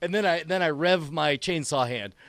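A man playing in a tabletop role-playing game, excitable and stammering, often laughing. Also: a little high, normal speed, dry recording, studio quality. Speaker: player. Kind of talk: tabletop role-play banter.

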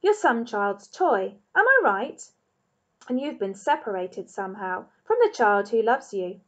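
A woman reading the part of a big, bearded homeless man who talks to a dog and a toy rabbit in a courteous, gently teasing, wordy way. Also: medium pitch, sing-song, a little slow. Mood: gentle. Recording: dull lo-fi recording.

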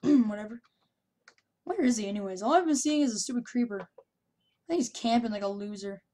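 A young woman commenting on her own gameplay, shouting taunts in bursts and then muttering to herself. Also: fairly high pitch, fast talker. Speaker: gameplay YouTuber.

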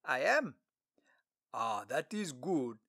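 A man voicing a dignified royal treasurer in an audiobook story, speaking slowly and formally. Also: mid-range voice, very animated, creaky, bright, forceful tone, no echo, clean studio sound, exaggerated voice. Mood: stately. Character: dignified Ethiopian lord treasurer, courteous older official.

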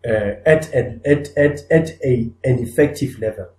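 A man's voice: medium pitch, normal speed, a little mellow. A man co-hosting a podcast, talking earnestly and building up points with repeated restarts and emphatic rises. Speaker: podcast co-host. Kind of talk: conversational discussion. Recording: echoey room.

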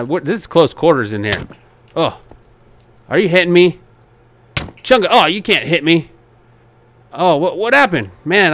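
A man giving excitable gameplay commentary as a channel host, laughing often and coaxing the other players with reassurance. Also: mid-range voice.

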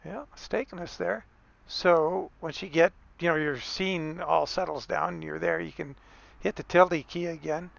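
A man's voice: on the high side, steady tone, normal speed, gravelly, lo-fi sound. A man giving a casual, rambling game tutorial, correcting himself as he goes and chuckling now and then.

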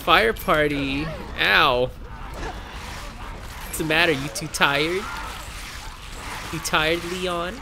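This young male streamer's voice runs on the high side, with drawn-out words, vocal fry, and frequent pauses, all over background noise. Casually narrating a co-op game, he gets excitable, laughing, cursing, and yelping whenever his character gets struck.

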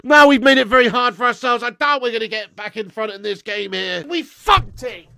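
A man's voice: very high-pitched, brisk, vocal fry, a little hiss or hum. A young man, ranting and swearing as he reacts live to a football match. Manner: ranting, sweary, shouting in frustration. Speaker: football fan streamer.

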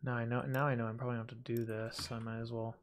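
Gravelly-voiced man chatting through a game. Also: medium pitch, flat delivery, very fast, a little hiss or hum. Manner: chatty, self-deprecating, talks to himself while playing. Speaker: gaming video host. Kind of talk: casual let's-play commentary.

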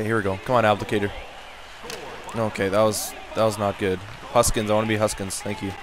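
A young man giving casual, excitable commentary while playing a hockey video game, switching between low muttering and loud yelling. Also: slight background noise. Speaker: gaming commentator.

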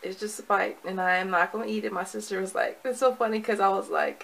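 A woman's voice: mid-range voice, steady tone, fast talker, creaky, fairly bright tone, rough recording. A woman recording a casual video diary at home, chatty and rambling, with many fillers and restarts. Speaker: vlogger.

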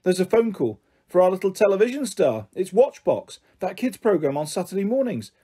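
A man's voice: high-pitched, sing-song, brisk, warm tone, breathy edge, voice pushed up, exaggerated voice. A man voicing a playful, teasing stepfather in a storybook reading. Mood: excited.

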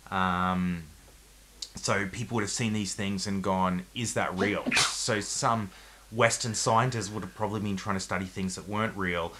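Male co-host with a low voice, musing, explanatory casual chat, light background noise. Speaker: podcast co-host.

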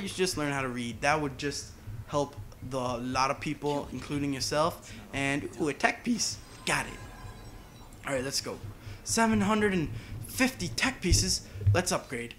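A man's voice: on the high side, a bit bright. Rambling man's chatty game commentary. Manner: rambling, chatty, side tangents. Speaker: gaming channel host. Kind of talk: casual gameplay commentary.

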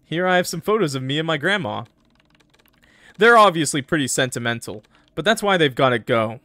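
A man's voice: on the high side, lively intonation, fairly quick, pushed and bright, no echo. A man streaming a game, chatting casually with his viewers and laughing often. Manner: laughs often, joking with chat. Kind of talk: casual gameplay commentary.

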